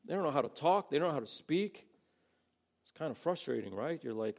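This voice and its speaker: Male pastor, gravelly voice, easygoing sermon delivery with quoted voices. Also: a little high, animated, a little fast, a little mellow. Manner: conversational, acts out quoted voices.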